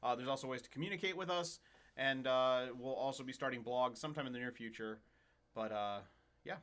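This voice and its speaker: Bright, chatty man hosting. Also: medium pitch, a little fast. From United States. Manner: chatty, enthusiastic show plugs. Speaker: podcast host. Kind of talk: casual chat.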